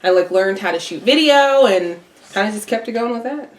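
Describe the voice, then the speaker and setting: Young woman, casual guest, relaxed, matter-of-fact, roomy echo. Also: mid-range voice, brisk. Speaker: guest, news producer. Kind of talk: casual chat.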